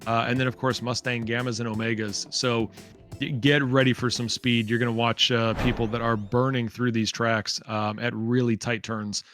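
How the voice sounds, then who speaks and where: Male race commentator, live esports call, chatty and upbeat, mid pitch, light music bed. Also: little pitch movement, normal speed, a bit bright. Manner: chatty, upbeat, many fillers.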